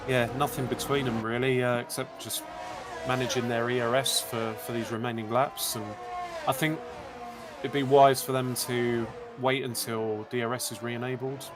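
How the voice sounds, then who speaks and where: Laid-back race co-commentator with music behind. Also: male voice, medium pitch, level tone, a little slow. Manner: laid-back, laughing, joking back.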